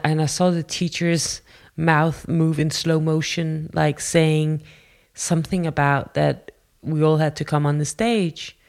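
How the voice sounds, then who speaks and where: A woman telling a personal story in a candid, halting, self-deprecating way. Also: low voice, creaky, a little mellow.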